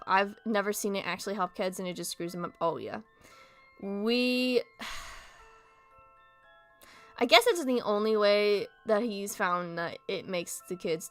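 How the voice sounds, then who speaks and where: A woman's voice: medium pitch, fairly bright tone. A young woman chatting casually and candidly with her viewers, venting and swearing, and sometimes stumbling over words because of a speech impediment. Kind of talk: casual chat.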